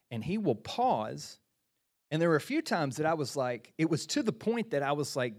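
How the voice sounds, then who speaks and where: A middle-aged man preaching a sermon in a conversational, animated way, often repeating phrases and restarting sentences. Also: a little high, fairly quick. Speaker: pastor.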